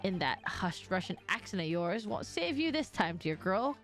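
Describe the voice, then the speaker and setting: A pompous, courtly detective, voiced by a woman reading game dialogue aloud lays out his case with grand, measured accusations. The pitch swings widely in a lively, sing-song way. Soft music plays faintly behind. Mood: accusing.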